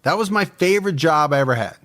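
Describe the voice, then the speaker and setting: A man's voice: fairly high pitch, expressive, fast talker, a bit bright. A man co-hosting a podcast in easygoing, teasing casual chat. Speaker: podcast co-host.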